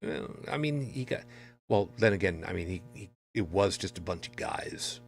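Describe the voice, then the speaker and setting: A man's voice: low voice, vocal fry. A tired man co-hosting a casual comedic podcast, rambling and restarting his sentences a lot. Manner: rambling, self-interrupting with many restarts. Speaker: podcast co-host.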